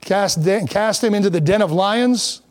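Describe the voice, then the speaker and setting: A man's voice: high-pitched, normal speed. A man preaching a sermon in a conversational way, reading scripture aloud and breaking off for joking asides. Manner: reads scripture aloud in King James wording. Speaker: pastor.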